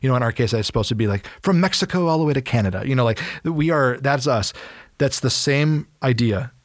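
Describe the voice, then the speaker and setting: A man hosting a casual podcast, retelling a Bible story in an animated way and acting out its characters in quick casual voices. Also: medium pitch, no echo, studio quality.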